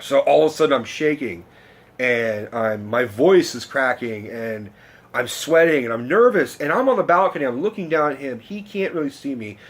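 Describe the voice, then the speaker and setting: A man telling a long personal story in a casual vlog rant, rambling and excitable, swearing often and restarting his sentences. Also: mid-range voice, moderate pace. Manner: rambling, excitable, profane, many fillers and restarts. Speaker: vlogger.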